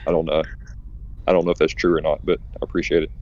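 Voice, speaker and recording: A man's voice: rumbling low, little pitch movement, quick pace, darkish tone. A man calling in, thanking the host modestly with some hesitation. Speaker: caller. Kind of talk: casual call-in comment. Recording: dull lo-fi call.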